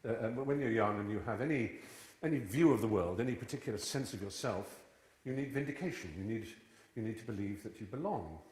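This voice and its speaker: A man in his fifties, speaking as a guest before an audience in a large, echoey church hall, tells witty, digressive stories. His voice is on the low side, animated, a little fast and a little mellow.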